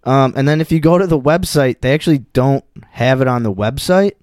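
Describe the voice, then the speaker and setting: Laid-back young man, smooth voice. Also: medium pitch, fairly quick, a little mellow, no echo, clean studio sound. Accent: Wisconsin. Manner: laid-back, rambling with fillers. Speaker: podcast co-host. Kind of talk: casual chat.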